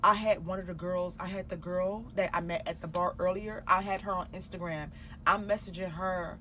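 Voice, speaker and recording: A woman's voice: lowish voice, fairly even intonation, normal speed, sharp tone, slight background noise. A woman telling a personal story in a casual storytime vlog. She swears freely and acts out her own past dialogue as she goes. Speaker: storytime vlogger.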